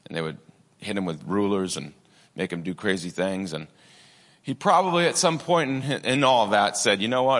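A man with a low but bright, forceful voice delivers a sermon, talking loosely and conversationally with asides. The sound carries the long reverb of a large church hall. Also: normal speed. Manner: conversational preaching with many asides and fillers. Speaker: pastor.

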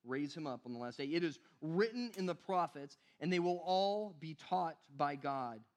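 High-voiced man preaching casually. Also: expressive, normal speed. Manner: casual, conversational preaching with repeated "right?" and "you guys". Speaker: pastor. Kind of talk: sermon.

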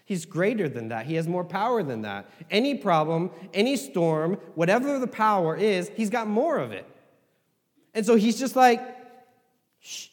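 Lively high-voiced man preaching in a hall. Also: normal speed. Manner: conversational, animated preaching with asides and laughs. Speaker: pastor. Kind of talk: sermon. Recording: hall reverb.

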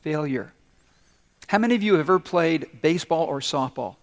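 A male pastor delivers a sermon in a reverberant hall, his voice sitting a little high for a man. He tells stories, acts out quotes and puts questions to his congregation. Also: expressive, moderate pace. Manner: storytelling with acted-out quotes and audience questions.

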